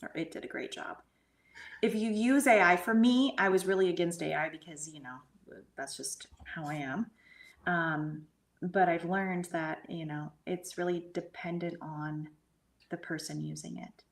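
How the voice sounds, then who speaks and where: A middle-aged woman with a low, gravelly voice tells a personal experience in casual conversation. She talks earnestly and slips into soft, breathy asides now and then. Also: normal speed. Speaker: guest medium and hypnotherapist.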